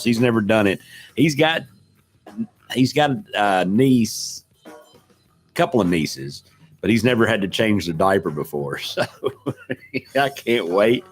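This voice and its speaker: A middle-aged man with a drawl talks loosely into a desk microphone, wandering from one thought to the next. His voice sits at an ordinary pitch, and he pokes fun at himself while he greets viewers by name. Faint music plays softly behind him. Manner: rambling and self-deprecating, greets chat viewers. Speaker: live stream host. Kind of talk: casual live-stream chat.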